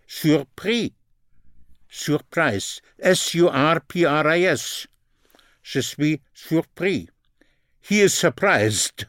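A man's voice: a little high, no echo, clean studio sound. A man teaching a spoken language lesson, repeating phrases and spelling words out letter by letter.

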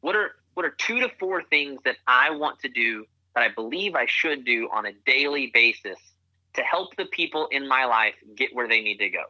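A man's voice: mid-range voice, animated, normal speed, sharp tone, dry recording. A man, an author and parent, talking earnestly as a guest in a podcast interview, coaching with repeated phrases. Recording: muffled lo-fi remote line.

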